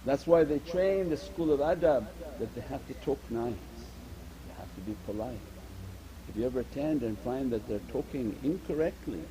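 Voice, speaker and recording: A man preaching an earnest Sufi sermon. His voice sits a little high but sounds mellow and soft-edged. He drives his points home through repetition and weaves Arabic religious terms into his English. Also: low-quality recording. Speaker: Sufi teacher.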